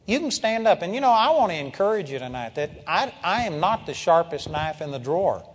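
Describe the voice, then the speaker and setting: An older man preaches to his congregation, his voice pitched a little high and trailing a long reverb through the hall. He tells stories with animation and bursts into loud shouts of praise. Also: sing-song, a little fast, a little hiss or hum. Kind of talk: sermon.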